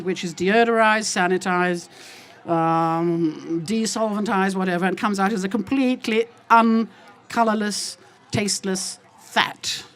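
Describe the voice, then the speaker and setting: An older woman giving an emphatic, indignant and rambling talk to a festival audience as an olive oil seller, addressing them as ladies and gentlemen. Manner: lively, with wide jumps in pitch. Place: outdoor food festival.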